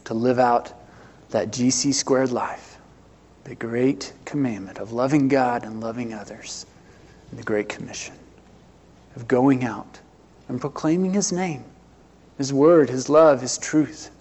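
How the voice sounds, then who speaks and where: A middle-aged man, preaching a sermon earnestly, with swells and hushed drops. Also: mid-range voice, measured pace, pauses often. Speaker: pastor.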